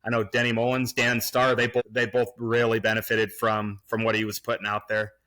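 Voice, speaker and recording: Bright-voiced man reminiscing, in his forties. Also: fairly low pitch, monotone, brisk. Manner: rambling, many restarts and fillers. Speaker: podcast guest. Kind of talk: casual reminiscing conversation. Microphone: remote recording.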